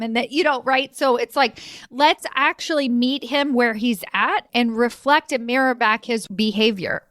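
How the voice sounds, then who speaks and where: A woman hosting a solo podcast as an executive coach, telling client stories in an animated way and acting out the dialogue. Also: on the high side, moderate pace, no echo, clean studio sound. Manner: animated storytelling, acts out quoted dialogue with laughs.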